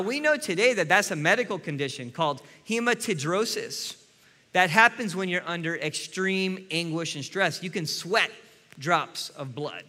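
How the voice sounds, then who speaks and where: A man's voice: sits high, sharp tone, big-room sound. A man preaching a sermon as a pastor, earnest and speaking directly to his listeners.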